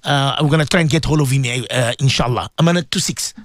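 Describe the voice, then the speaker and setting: A man's voice: mid-range voice, quick pace, fairly bright tone, no room sound, studio quality. A man presenting a religious radio show, speaking fervently and pleading, often repeating himself. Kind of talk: emotional religious radio talk.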